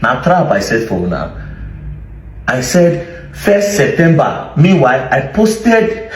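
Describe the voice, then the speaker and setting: A man's voice: on the high side, lively intonation, takes it slowly. A man with a Nigerian accent giving a combative, sarcastic rant as a social media commentator, firing off rhetorical questions. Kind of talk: ranting commentary to camera. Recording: echoey room, mic at a distance.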